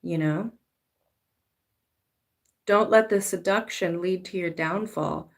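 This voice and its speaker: A woman's voice: fairly low pitch, slow. A woman giving a casual spiritual talk as a tarot reader, swearing freely and now and then acting out pleading voices. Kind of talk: spiritual monologue.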